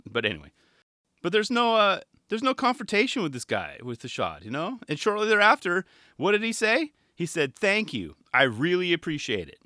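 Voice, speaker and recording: This man's voice is high and a little fast, bright and forceful, swooping wildly in pitch as he chats at length about a skate video on his garage podcast. He's relaxed and meandering, voicing the people he quotes. Studio mic, studio quality, no echo.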